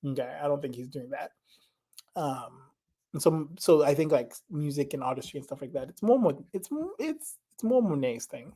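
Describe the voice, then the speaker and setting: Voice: medium pitch, animated, moderate pace, warm tone, husky. A vlogger from Zimbabwe chatting casually, rambling with many fillers. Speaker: reaction vlogger. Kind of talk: casual chat.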